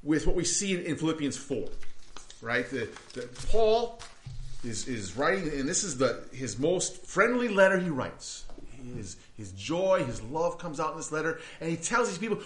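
Animated pastor in an echoey room. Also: male voice, fairly high pitch, moderate pace. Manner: conversational with many restarts and rhetorical questions. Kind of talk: sermon.

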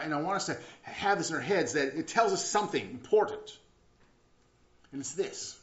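A man preaching a sermon in an earnest way, often repeating words and restarting, swinging between loud and hushed. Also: medium pitch. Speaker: pastor. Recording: roomy, slightly dull sound.

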